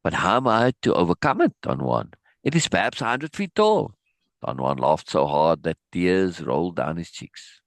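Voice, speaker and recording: Guy reading a book out loud to a class, low voice that jumps around a lot, stops to comment and stumbles over words. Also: moderate pace, no room sound. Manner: animated, laughing asides, repeats words when restarting. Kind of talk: reading a passage aloud with asides.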